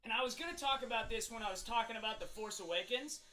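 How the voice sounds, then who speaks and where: A video creator rants comedically as an overblown, hot-tempered young self, exasperated and asking question after rhetorical question. He talks fast in a very high-pitched, bright, forceful voice, captured on a low-quality recording.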